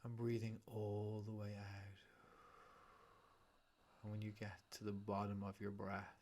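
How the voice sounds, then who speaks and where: A soft-spoken man leads a breathing exercise and then talks as a guest. His voice is low and flat in tone. He takes his time over every word, in a calm, half-whispered way. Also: measured pace, slight background noise. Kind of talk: guided breathing meditation and chat.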